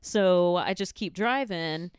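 A woman telling a story in casual chat, acting out her own lines in a high, flustered voice. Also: takes it slowly, clean tone, no room sound, studio quality.

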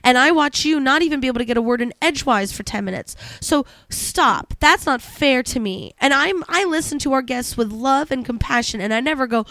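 A young woman with a high voice co-hosts a casual podcast, rambling and animated and swearing freely. The recording is dry and close, with no room sound. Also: a little fast, few pauses, no echo. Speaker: podcast co-host.

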